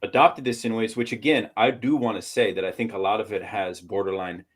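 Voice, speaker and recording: Man from Portland, lowish voice, podcast panelist, thinks aloud in halting, theory-heavy sentences. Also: fairly even intonation. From Portland, Oregon. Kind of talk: casual academic discussion.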